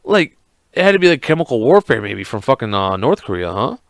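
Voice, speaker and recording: A man hosting a podcast alone, ranting in a casual, profane, rambling and excitable way. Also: medium pitch, fairly quick, creaky, dry recording, studio quality. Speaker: podcast host.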